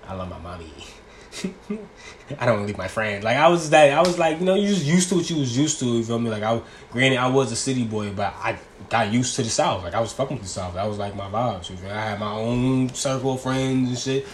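A man's voice: mid-range voice, fairly quick, slight background noise. Rambling young man, casual slang. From New York. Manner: loose, rambling, slangy talk with laughs. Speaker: vlogger. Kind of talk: casual chat.

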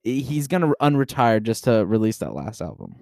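A man hosting a casual solo podcast, reacting to a news post in a profane, excitable, rambling way into a desk microphone. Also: on the low side, brisk, creaky, no echo, studio quality. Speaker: podcast host.

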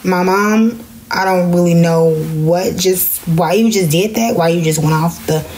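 A young woman, telling a personal story in a casual podcast vlog and jumping into high voices when she quotes people. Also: measured pace, darkish tone, slight background noise. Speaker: podcast host.

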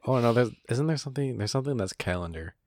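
Very low-voiced young woman, easygoing. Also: lively intonation, quick pace, a little mellow, no room sound, studio quality. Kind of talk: casual chat.

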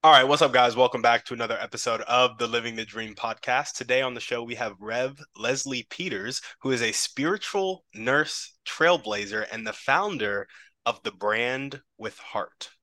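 A man hosting a podcast, opening the show and asking questions in an upbeat, brisk way. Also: medium pitch, bright, forceful tone, no echo. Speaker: podcast host. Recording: music bed under the voice.

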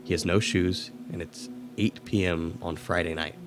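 A man co-hosting a podcast, reading a spooky story aloud in a steady, measured way. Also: low voice, over music. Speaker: podcast co-host.

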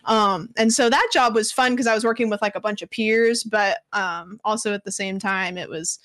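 A woman's voice: mid-range voice, fairly even intonation, moderate pace, a bit bright, no room sound, clean studio sound. A young woman, a guest in a casual interview, telling stories in a chatty way with lots of filler words. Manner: chatty, lots of "like" fillers, acts out quoted voices.

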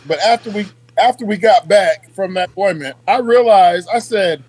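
High-voiced man telling salty stories. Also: slightly rough, low-quality recording. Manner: profane, animated, laughs as he tells stories. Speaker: guest, Army veteran. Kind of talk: casual storytelling.

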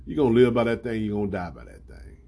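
Calm, hushed Jesus, put on by a man, deep and husky, relaxed and gentle. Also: fast talker, exaggerated voice.

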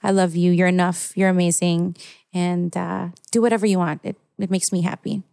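A woman in her thirties from the Philippines, a guest on a casual podcast, speaking warmly and heartfelt, laughing often and mixing English with bits of Tagalog. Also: on the low side, flat delivery, normal speed, creaky, dry recording, clean studio sound.

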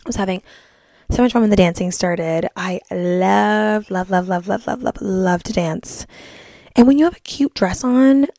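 A woman's voice: medium pitch, normal speed, gravelly, warm tone, no room sound, clean studio sound. A young woman vlogging in a bubbly, chatty way, filling her talk with "like". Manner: bubbly, chatty, heavy use of "like". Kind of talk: casual chat to camera.

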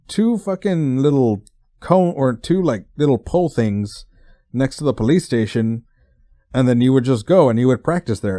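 A man's voice: mid-range voice, mellow, no room sound, studio quality. A man in his twenties from Texas, hosting a podcast and telling a rambling, profanity-laced story with lots of stumbling restarts. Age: 20s. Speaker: podcast host.

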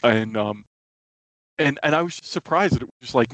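A man hosting a podcast, talking in a casual, excited way with lots of restarts and fillers. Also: medium pitch, normal speed. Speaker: podcast host. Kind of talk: casual chat.

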